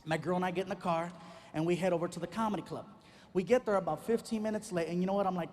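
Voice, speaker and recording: A male stand-up comedian telling a story in an animated way and acting out each exchange. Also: sits high, fast. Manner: animated, acts out every exchange.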